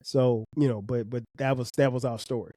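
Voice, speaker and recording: A man's voice: mid-range voice, steady tone, brisk, warm tone, dry recording, clean studio sound. A middle-aged man, a podcast host and father, talking earnestly about parenting, often restarting and repeating words. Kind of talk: reflective casual talk.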